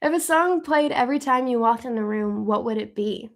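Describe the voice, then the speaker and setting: A woman hosting a live stream, chatting casually and thinking out loud as she answers viewer questions. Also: on the high side, a little fast. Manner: chatty and upbeat, thinking aloud.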